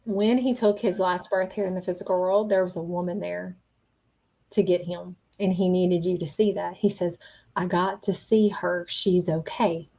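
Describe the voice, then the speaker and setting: A woman's voice: fairly low pitch, fairly even intonation, moderate pace, dark tone. A woman hosting a live-stream reading as a psychic medium, speaking earnestly and stopping often to check in with "okay?" between frequent ums.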